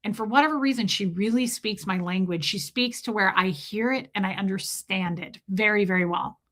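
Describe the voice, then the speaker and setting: A woman's voice: mid-range voice, moderate pace, fairly bright tone. A woman talking candidly on her livestream, confessional and emotional, rambling with restarts. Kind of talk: candid personal monologue.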